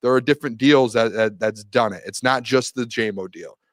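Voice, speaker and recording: Man, sports talk co-host, rapid speech, dry close sound, argumentative, mid-pitched voice. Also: no room sound. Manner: rapid-fire, argumentative, pushes back. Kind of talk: heated sports debate.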